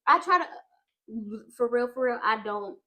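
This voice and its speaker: Young woman guest, bright and sharp tone, earnest and emotional. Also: on the high side, lively intonation, takes it slowly. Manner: earnest, emotional about faith. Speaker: podcast guest. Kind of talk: casual chat.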